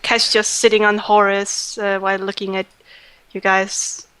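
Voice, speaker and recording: Flat-toned woman player, deadpan. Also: medium pitch, measured pace, clean tone, no room sound. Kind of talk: tabletop game chat.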